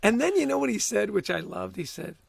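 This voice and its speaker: Guy guest on a chat show, high voice, kinda raspy, keeps repeating words and laughing, real animated. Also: a little fast, no echo. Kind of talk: casual interview storytelling.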